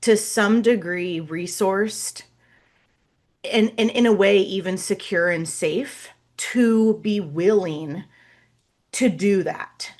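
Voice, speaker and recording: A woman's voice: mid-range voice, takes it slowly, a little mellow. A woman hosting a podcast interview, reflective, hunting for her words and checking in with "right?". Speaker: podcast host. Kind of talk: casual interview conversation.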